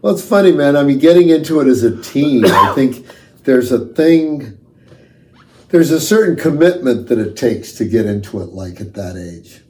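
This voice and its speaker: A man's voice: medium pitch, expressive, normal speed, dark tone, slight background noise. A man hosting a casual interview, an easygoing, encouraging listener who asks about his guest's past. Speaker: interviewer, host. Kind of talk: casual conversation.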